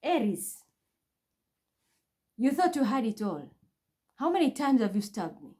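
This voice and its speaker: A woman's voice: on the high side, big pitch swings, measured pace, a little mellow. A woman vlogging from home in an intense, accusatory, repetitive monologue. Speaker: spiritual reader vlogger. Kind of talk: agitated monologue to camera. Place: her home.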